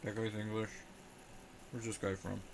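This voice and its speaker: A man's voice: fairly low pitch, little pitch movement, moderate pace, creaky, noisy background. A young man rambling sarcastically on a casual live stream while he talks back to his chat.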